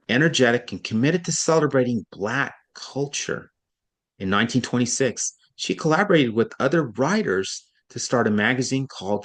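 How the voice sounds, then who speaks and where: Low-voiced male reading tutor. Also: lively intonation, a bit bright. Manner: deliberate, stresses key words and slows down for emphasis. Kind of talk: reading aloud and coaching.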